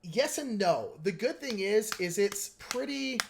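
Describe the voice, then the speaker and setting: A man's voice: sits high, expressive, a little slow, creaky, background noise. A man hosting a live stream, chatting casually and meandering while he explains his painting technique and answers viewers.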